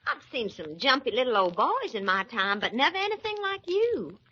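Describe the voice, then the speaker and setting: A syrupy Southern belle. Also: female voice, a little high, very animated, moderate pace, bright, forceful tone, slightly rough, full character voice. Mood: flirty. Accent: American Southern. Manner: coy, sugary drawl. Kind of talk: 1940s radio acting. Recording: dull old radio broadcast.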